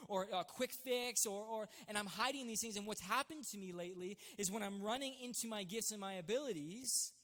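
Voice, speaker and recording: A man giving an emotional personal testimony as a church site leader, earnest and halting with frequent restarts. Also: high voice, fairly bright tone, big-room sound. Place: church stage.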